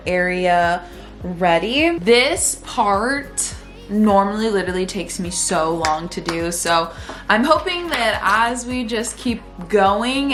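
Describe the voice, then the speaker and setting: A young vlogger and podcaster gives a casual day-in-my-life talk at home. Her mid-range voice is a bit bright, and she comes across as emotional and chatty, using "like" heavily.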